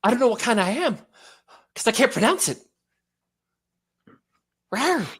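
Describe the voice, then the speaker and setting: A man's voice: very high voice, sing-song, unhurried, a bit bright, slightly rough, voice pushed up, heavily acted. A man doing an impression of a famous actor: breathless, punchy and dim, acting as if he talks with his hands. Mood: goofy.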